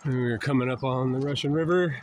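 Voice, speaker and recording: A man's voice: mid-range voice, brisk. An older man with a cold, congested and breathing hard, muttering to himself as he hikes outdoors by a river. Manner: muttering to himself while hiking. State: congested from a cold, stuffy nose; out of breath from walking. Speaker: drifter vlogger. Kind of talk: casual walking vlog. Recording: noisy outdoor recording.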